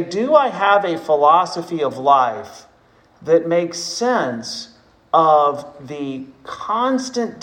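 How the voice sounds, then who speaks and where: A man preaching a sermon in a church, taking his time over each phrase. His voice sits fairly high for a man, and he acts out quotes with lively storytelling. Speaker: pastor. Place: church sanctuary.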